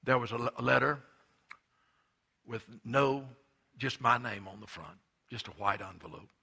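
Man, middle-aged pastor, sermon, husky, punchy, storytelling, hushed to fervent. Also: medium pitch, moderate pace. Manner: impassioned storytelling preacher, swings from hushed to emphatic.

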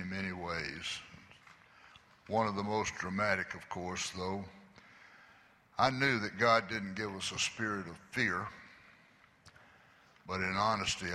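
A man's voice: deep voice, pushed and bright. An older man, giving an earnest church testimony. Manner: earnest, confessional storytelling. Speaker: guest speaker giving testimony. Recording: echoey church hall.

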